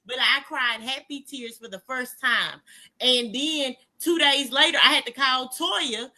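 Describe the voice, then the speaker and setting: Very bright woman telling stories animatedly. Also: high-pitched, measured pace. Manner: animated storytelling, acts out quotes. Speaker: podcast co-host. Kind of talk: casual podcast chat.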